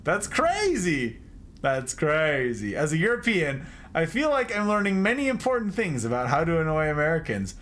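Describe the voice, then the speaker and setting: A man's voice: on the high side, huge pitch swings, normal speed, fairly bright tone, slight background noise. A man streaming a game at his desk, joking with chat, teasing over mispronunciations and laughing often. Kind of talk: casual livestream chat with viewers.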